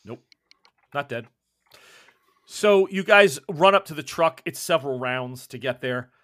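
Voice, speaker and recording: A man's voice: fairly high pitch, lively intonation, a little slow, fairly bright tone. A man acting as game master, narrating a tabletop horror game in a loose, conversational way.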